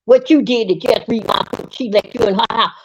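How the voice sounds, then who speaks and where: A woman's voice: a little high, brisk. A woman hosting a live stream, telling an angry, profane story and repeating herself as she vents. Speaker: livestream host. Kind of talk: heated live-stream rant. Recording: dull lo-fi stream audio.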